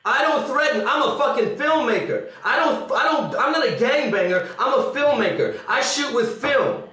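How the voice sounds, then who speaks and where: A man's voice: very high-pitched, lively intonation, normal speed, bright, forceful tone. Defiant, repetitive, profane man arguing; echoey room, distant mic. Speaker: actor. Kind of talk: heated confrontation on camera.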